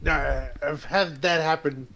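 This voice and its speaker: A man chatting on a game stream, hesitant and halting, with many pauses. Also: fairly high pitch, steady tone, creaky, bright, forceful tone. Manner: hesitant, lots of uh and restarts. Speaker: stream guest. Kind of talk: casual chat while gaming.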